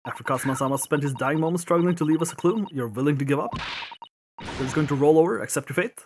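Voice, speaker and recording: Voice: mid-range voice, fast, darkish tone, slight background noise, natural voice. A fan dubber voicing a polite, earnest young female assistant in a playful game dub, speaking formally with a scolding edge. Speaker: fan voice actor.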